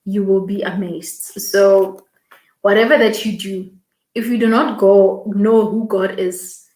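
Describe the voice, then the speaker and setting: Woman, livestream host, slow and unhurried, emotional, echoey room. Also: mid-range voice, steady tone, darkish tone. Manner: emotional, reading viewer comments aloud. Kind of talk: casual livestream talk.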